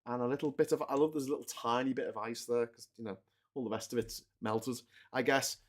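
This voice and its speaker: A man's voice: medium pitch, fairly even intonation, a little fast. A man, chatting casually and joking as he assembles a model, often correcting himself. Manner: chatty, rambling, self-correcting, jokey. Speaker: host building a model while talking. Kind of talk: casual live chat.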